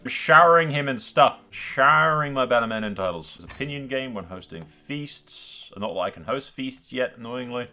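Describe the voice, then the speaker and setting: A man's voice: medium pitch, normal speed, few pauses. A man playing a strategy game at home, chatting casually to his viewers, laughing and talking to the characters on screen. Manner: animated, talks to the game characters, laughs often. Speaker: gaming YouTuber. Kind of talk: casual let's-play commentary.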